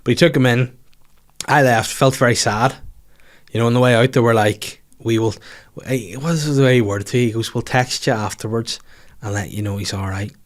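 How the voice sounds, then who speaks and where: A young man with a Northern Irish accent tells a comic story on a podcast in a loose, chatty way. He laughs along as he goes and often jumps up into high, mocking voices to quote people. His voice sits at a middle pitch. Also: fairly even intonation, normal speed. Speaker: podcast host. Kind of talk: casual comedic storytelling.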